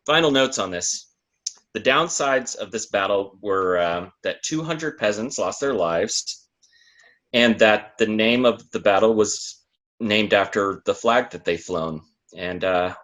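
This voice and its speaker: A man's voice: fairly low pitch, a bit bright. A man co-hosting a casual podcast, telling odd history stories in a playful, giggly way. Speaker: podcast co-host.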